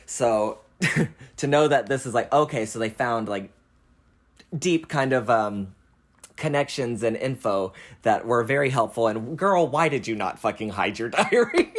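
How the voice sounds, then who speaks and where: A young man hosting a casual film chat, animated and quick to laugh, swearing freely and acting out lines as he talks. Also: mid-range voice. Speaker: host.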